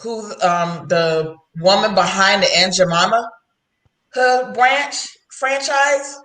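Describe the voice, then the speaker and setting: A woman hosts a casual livestream chat with a sharp, bright voice. She rambles along in a chatty way and laughs often. The room around her is echoey. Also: medium pitch, slow, slight background noise. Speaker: host.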